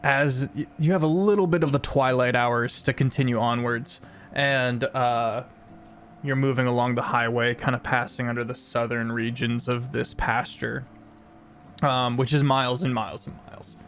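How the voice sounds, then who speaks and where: A man's voice: mid-range voice, fairly even intonation, moderate pace, fairly bright tone, a little hiss or hum. A man running a tabletop role-playing game as game master, narrating in a rambling way with many ums and uhs.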